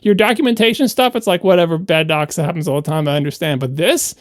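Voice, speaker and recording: A man's voice: fairly high pitch, quick pace, no room sound, studio quality. A man co-hosting a tech podcast in casual chat, ranting indignantly and with a lot of energy. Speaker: podcast co-host.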